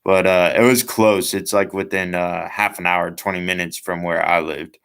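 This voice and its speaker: A man's voice: low voice, steady tone, normal speed, vocal fry, fairly bright tone, smooth. A man in his twenties casually telling a personal story, rambling, with lots of fillers and asides. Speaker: vlogger.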